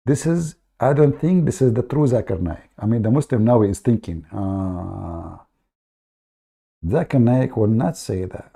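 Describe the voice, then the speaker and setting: A man's voice: fairly low pitch, lively intonation, moderate pace, vocal fry, mellow, husky. A man hosting a comedic commentary with a mocking, sarcastic manner. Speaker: host. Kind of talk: comedic commentary and phone skit.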